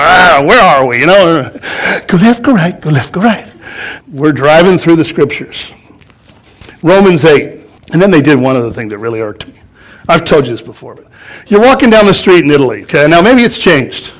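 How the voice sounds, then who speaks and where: Guy pastor preaching, kinda high voice, laughs at his own stories, very animated. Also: fairly quick. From United States. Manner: animated storytelling with laughs and acted-out quotes. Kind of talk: sermon.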